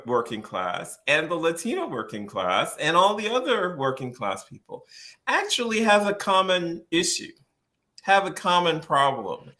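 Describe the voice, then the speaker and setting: A policy researcher appears as a guest on a podcast interview, his voice on the high side, pushed and bright. He explains at length, often laughing and restarting phrases as he thinks.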